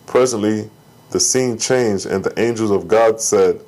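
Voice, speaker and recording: A man reading an archaic scripture aloud in a slow, measured, solemn way. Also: lowish voice, darkish tone, poor audio. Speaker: scripture reader.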